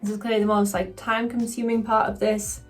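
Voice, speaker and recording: A woman chatting casually through a makeup tutorial, excitable and quick to swear. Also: mid-range voice, soft background music. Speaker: cosplayer doing a makeup tutorial.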